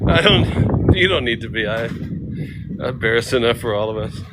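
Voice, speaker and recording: A man's voice: mid-range voice, background noise. A man chatting casually on a travel live stream, giggly and self-mocking, often meowing playfully. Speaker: travel vlogger.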